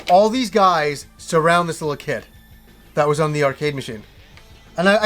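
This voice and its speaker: High-voiced man rambling through a story. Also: a bit bright. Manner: rambling, profane, full of restarts. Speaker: host of a retro video game show. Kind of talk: casual storytelling to camera.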